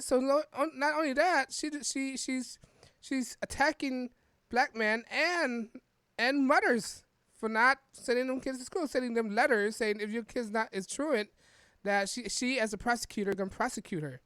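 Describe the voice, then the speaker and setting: A woman's voice: on the high side, fairly bright tone, dry recording, studio quality. A woman hosting a podcast, giving casual political commentary while reading an article aloud, rambling with frequent restarts and tag questions. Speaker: podcast host.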